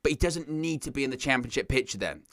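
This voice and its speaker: A man's voice: medium pitch, fast talker, creaky, dry recording, clean studio sound. A man hosting a wrestling news show, giving casual, exasperated and opinionated commentary. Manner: exasperated, ranting, animated.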